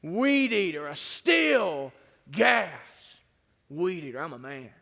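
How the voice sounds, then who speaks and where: A preacher voicing a boastful man who brags about his manliness, in a gruff, swaggering tone. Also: fairly high pitch, big pitch swings, takes it slowly, bright, forceful tone, pitched below the performer's own voice, exaggerated voice.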